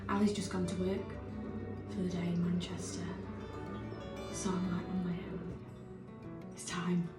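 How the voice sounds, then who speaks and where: A young woman talks to herself in a halting, half-whispered way, in a hushed video diary. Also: on the low side, little pitch movement. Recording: echoey room, far from mic, music over it.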